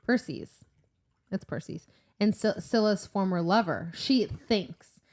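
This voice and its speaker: A woman's voice: medium pitch, animated, slow, a little mellow. A young woman co-hosting a casual book-club podcast, retelling the plot in a chatty way with lots of "like". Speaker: podcast co-host.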